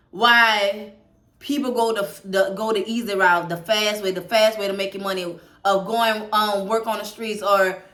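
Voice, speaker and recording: A woman's voice: mid-range voice, bright, forceful tone, reverberant. A woman vlogging as a single mother, talking straight to her viewers, near tears, often repeating and restarting her words. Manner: halting, repeats words, talks to viewers directly. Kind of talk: emotional personal vlog. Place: home room.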